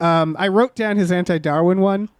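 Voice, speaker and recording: A man co-hosting a podcast, giving casual, sarcastic commentary on a film in an animated, ranting way. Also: high voice, normal speed, clear, resonant tone, no room sound. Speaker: podcast co-host.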